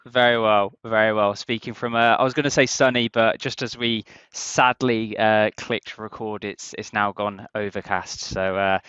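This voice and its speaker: A man's voice: lowish voice, steady tone, moderate pace, hardly any pauses, a bit bright, clear, resonant tone, no room sound, highs cut off. A British man from Britain chatting as a podcast guest, full of fillers and self-deprecating asides. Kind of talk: casual chat.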